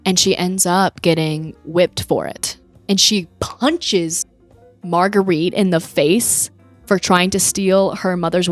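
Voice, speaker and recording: Chatty young woman retelling a film. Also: lowish voice. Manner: animated retelling with acted-out quotes. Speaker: podcast co-host. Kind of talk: casual movie-review chat.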